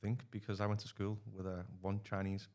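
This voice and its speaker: A man's voice: fairly low pitch, monotone, fairly quick, a little mellow. A man in his thirties telling rambling stories in a casual podcast chat. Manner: rambling storyteller, acts out quoted dialogue. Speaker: podcast guest.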